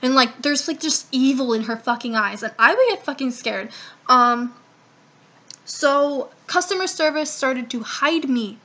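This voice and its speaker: This young vlogger's voice is high, bright and clear, and her pace is a little slow as she addresses the camera in a casual storytime video. Her retelling of a lengthy personal story wanders, is full of profanity, and has her acting out everyone's lines.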